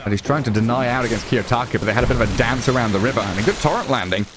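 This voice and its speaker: A man with a Northern English accent giving lively play-by-play commentary on an esports match, excitable and quick to laugh. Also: mid-range voice. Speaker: esports caster. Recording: music playing underneath.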